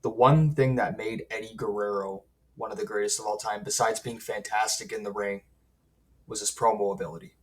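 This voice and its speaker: A man's voice: on the low side, steady tone, brisk, distant mic. A man giving an emphatic wrestling opinion monologue that builds energy as he goes. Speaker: wrestling commentator.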